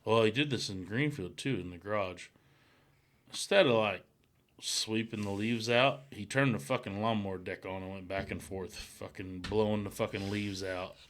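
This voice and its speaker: Dude with a low but bright voice, cussing constantly, telling a rambling story. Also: male voice, normal speed. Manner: rambling, heavy swearing, laughs through stories. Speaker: podcast co-host. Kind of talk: casual storytelling chat.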